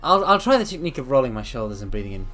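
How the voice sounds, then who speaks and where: A VTuber streamer chats casually while out of breath, his medium-pitched voice sing-song, very fast, and sharp, with faint music behind. He rambles, apologizes, and repeats himself.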